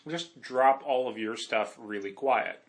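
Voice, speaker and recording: A man's voice: medium pitch, a little slow. A man with a mid-range voice co-hosts a casual podcast chat. He is wry and jokey, now and then talking while eating. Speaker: podcast co-host.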